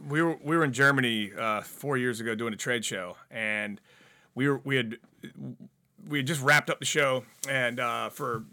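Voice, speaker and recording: A man appears as a guest in a radio studio, telling stories in casual conversation at a normal speed in a medium-pitched voice. He's a profane, animated storyteller who swears often and acts out the people in his tales.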